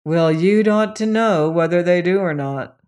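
A gruff plainclothes cop in a storybook, talking in blunt, slangy, unhurried phrases, as a reader puts him on. He sounds indifferent and sure of himself, never rushing. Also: medium pitch, a little mellow, natural voice. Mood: blunt, offhand.

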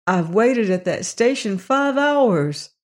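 A reader voicing a cheerful young farm boy in an audiobook, slightly higher and brighter than the narration. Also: animated, slow pace. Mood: cheery. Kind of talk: audiobook character reading.

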